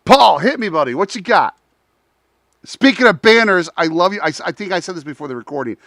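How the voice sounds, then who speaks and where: A man hosting a talk show, telling a story in a lively, animated way, acting out both sides of a conversation and talking straight to his audience. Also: high-pitched, fairly quick, no echo. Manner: frequent restarts, addresses audience as y'all.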